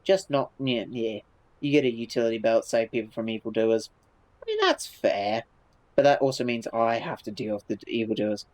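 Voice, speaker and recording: A man's voice: medium pitch, sing-song, moderate pace, a little mellow, low-quality recording. Laid-back man chatting on a live stream. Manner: laid-back, swears casually, trailing restarts. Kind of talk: casual live-stream chat, reading viewer messages.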